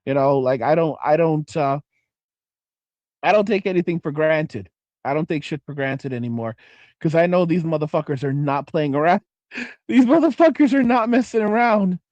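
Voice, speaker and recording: Middle aged guy on a livestream, swears a ton, keeps restarting sentences, kinda high voice, dry close sound. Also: moderate pace, a little mellow, no room sound. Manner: profane, rambling, self-interrupting. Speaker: livestream host. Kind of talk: casual livestream chat reading comments.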